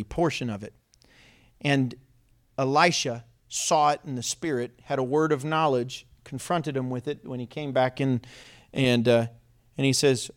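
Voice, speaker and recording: A man preaching a sermon, reading scripture aloud and breaking into animated asides. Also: medium pitch. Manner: animated reading with acted quotes, laughs often.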